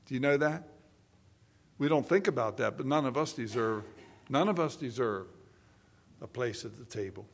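Older guy pastor giving a sermon, goes from quiet storytelling to loud emphatic preaching. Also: medium pitch, expressive, normal speed, pauses often.

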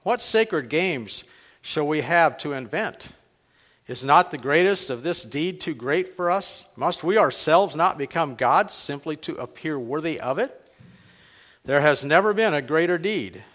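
A man's voice: a little high, animated, a little slow, a bit bright, voice pushed up. A man reading as a frantic storybook madman. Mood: anguished. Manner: urgent, rhetorical questioning. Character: frantic grieving male madman crying out. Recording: long hall reverb.

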